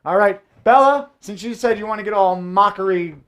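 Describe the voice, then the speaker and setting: Hosting a live variety show from a room at home, this fire performer cracks jokes while doing his fire tricks. His voice is high, a bit bright, and clean in tone, and he speaks slightly fast, with a playful, jokey manner full of theatrical asides.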